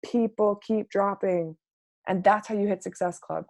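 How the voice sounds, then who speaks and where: A young adult woman giving a casual, upbeat coaching talk, chatty and full of "like", acting out sample messages in a brighter voice. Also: mid-range voice, fairly even intonation, moderate pace, no echo. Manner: peppered with "like" and mild swearing. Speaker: network marketing coach. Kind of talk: casual live training talk.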